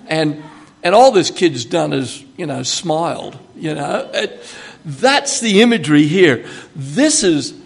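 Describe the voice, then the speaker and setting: With a creaky voice on the high side, an older man with an Australian accent delivers a chatty, humorous sermon. He teaches conversationally with asides, breaking into emphatic bursts at moments when he quotes God.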